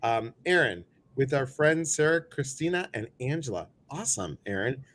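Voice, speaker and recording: A middle-aged man hosting a live stream, greeting viewers by name in a playful, jokey way, often jumping his voice up high. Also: lively intonation, normal speed, a bit bright. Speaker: host of a live show.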